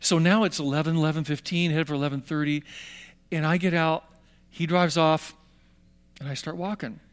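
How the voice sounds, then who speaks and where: A man's voice: on the high side, moderate pace, clean tone. An older man telling a personal story to young listeners, acting out the voices of people in it. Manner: animated, acts out voices in his story. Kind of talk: storytelling talk.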